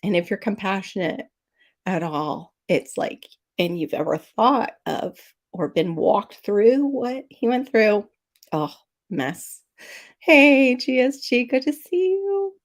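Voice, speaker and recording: A middle-aged woman hosts a casual livestream, chatting with viewers as she tells a personal story, teary and sniffling. Her medium-pitched voice is animated but slow-paced.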